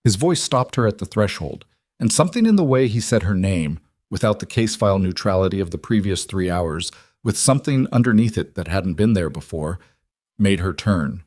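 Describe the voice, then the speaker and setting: A man narrating a story in a steady, deliberate audiobook reading. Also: low-pitched, dry recording, studio quality.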